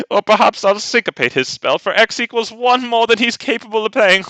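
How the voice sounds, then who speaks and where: A man voicing a smug, lordly British gentleman who is always in control, speaking in a put-on posh British accent. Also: very high voice, expressive, normal speed, no room sound, voice pushed up, exaggerated voice. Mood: smug, gloating. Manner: pompous, condescending, chuckling.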